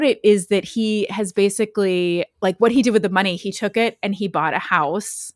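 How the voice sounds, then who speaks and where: A woman co-hosting a podcast, telling a story in a lively, chatty way with many fillers. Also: mid-range voice, brisk, few pauses, dry recording, studio quality. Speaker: podcast co-host. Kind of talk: casual chat, storytelling.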